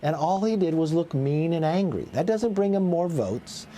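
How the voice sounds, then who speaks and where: A man's voice: a little high, expressive, normal speed, dark tone, slight background noise. A middle-aged man speaking as a political guest in a cable news interview, assertive and listing his points, sometimes repeating words.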